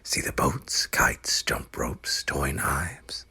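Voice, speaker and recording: A man voicing a mysterious old male guide who mostly talks in hushed, urgent whispers, for an audiobook reading. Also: a bass voice, big pitch swings, takes it slowly, creaky, slightly rough, full character voice.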